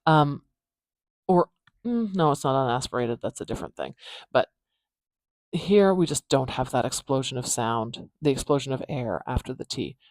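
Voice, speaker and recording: A phonetics teacher giving a pronunciation lesson, repeating words slowly to demonstrate each sound, with pauses and fillers. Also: medium pitch, darkish tone, dry recording.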